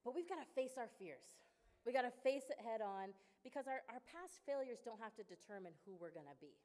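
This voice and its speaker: A woman's voice: fairly high pitch, lively intonation, brisk, darkish tone. A young adult woman giving a conversational sermon at a women's church service, acting out quoted dialogue and laughing often. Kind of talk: sermon with personal stories.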